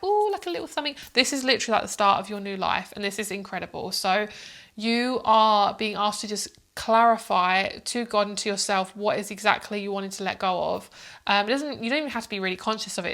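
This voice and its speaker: Chatty, motherly woman giving a tarot reading. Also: medium pitch. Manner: warm, motherly and chatty, calls viewers "my love"; rambling, with many fillers and restarts. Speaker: psychic tarot reader. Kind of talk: casual tarot reading to camera.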